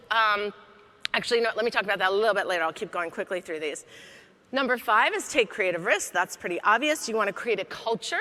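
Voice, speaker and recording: A woman with a bright, fairly high voice gives a comedic keynote, chatty and playful, teasing the crowd as she goes. Her talk rings out with a long hall reverb. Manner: lively, conversational, joking with the audience. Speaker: keynote speaker. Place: large conference hall.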